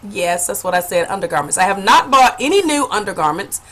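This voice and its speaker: Bright, lively woman telling a funny story. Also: mid-range voice, brisk. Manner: animated, laughing, addresses viewers as honey. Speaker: vlogger. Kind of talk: casual storytelling to camera.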